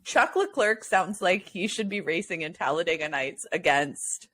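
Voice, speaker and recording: A woman co-hosting a casual sports podcast, animated and often breaking into laughter. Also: lowish voice, normal speed. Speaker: podcast co-host. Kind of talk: casual chat.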